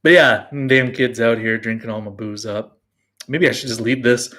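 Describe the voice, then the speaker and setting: A man's voice: medium pitch, normal speed, fairly bright tone. A man hosting a casual live beer show from his brew house, rambling and joking at his own expense with frequent laughs. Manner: rambling, self-mocking, laughs often. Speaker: beer blog host.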